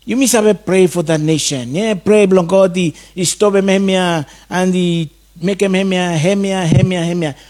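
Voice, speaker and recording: A man's voice: high-pitched, fairly even intonation, moderate pace, darkish tone. A man preaching a sermon, in repeated rhythmic calls.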